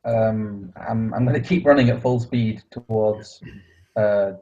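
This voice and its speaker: A man's voice: on the low side, steady tone, a little slow, warm tone, highs cut off. A man playing a tabletop game, talking in a hesitant, casual way. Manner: hesitant, full of ums and restarts. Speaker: player.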